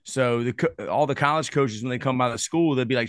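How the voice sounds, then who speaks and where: A man's voice: mid-range voice, a little fast, no room sound, studio quality. A man, a football coach, chatting as a podcast guest in an easygoing, self-deprecating way. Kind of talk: casual chat.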